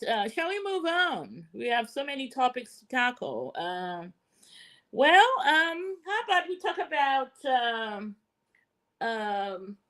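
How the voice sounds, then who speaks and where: A woman from Zambia hosts a panel talk show, steering the discussion and bringing up the next topic. Her voice sits at an ordinary middle pitch. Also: fairly bright tone. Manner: moderating, moves the talk along. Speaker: podcast host.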